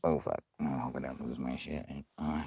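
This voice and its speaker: A man's voice: a bass voice, level tone, fairly quick, gravelly, dark tone, a little hiss or hum. A man hosting a live stream, chatting casually with viewers in a profane, rambling way and laughing often.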